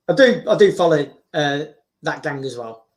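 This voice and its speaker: A man's voice: a little high, animated, moderate pace. A man, a YouTuber, chatting casually on a livestream, rambling with many fillers.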